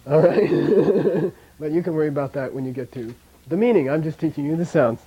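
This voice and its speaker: A man's voice: on the high side, quick pace, slightly rough, lo-fi sound. A man teaching a language class, patiently repeating sounds for his students and chuckling now and then as he explains. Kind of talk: classroom lesson with drills.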